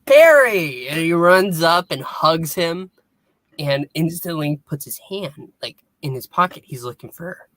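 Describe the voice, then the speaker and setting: A podcast co-host calmly summing up an episode's scenes, with small hesitations and quoted lines. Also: medium pitch, a little slow, no echo. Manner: plain storytelling with little hesitations and quoted lines. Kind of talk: casual episode recap chat.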